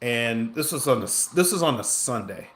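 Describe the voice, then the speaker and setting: A man's voice: medium pitch, animated, moderate pace, fairly bright tone, faint music behind. A man telling a long personal story in a casual, rambling way while he plays a game, with lots of restarts, asides and self-mocking jokes. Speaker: gaming streamer.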